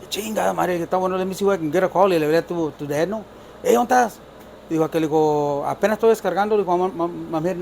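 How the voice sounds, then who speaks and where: An older man tells stories at a quick clip, his voice sitting fairly high for a man. He switches between Spanish and English, laughs as he goes and acts out what others said. His carries through both languages. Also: a little hiss or hum. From South Texas. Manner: lively, laughs while telling stories, acts out other people's lines. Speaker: guest, storyteller. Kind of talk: casual storytelling, mixing Spanish and English.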